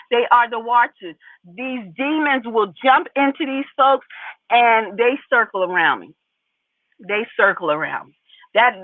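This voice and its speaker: A woman's voice: sits high, no room sound. A woman livestreaming from a parked car, preaching emphatically to her chat and firing off rhetorical questions. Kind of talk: casual livestream rant to chat. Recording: tinny phone-like livestream audio.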